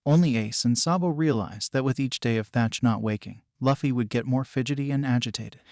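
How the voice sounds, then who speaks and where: A man reading a fan story aloud as narrator, in an even, unhurried way. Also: medium pitch, dry recording, studio quality.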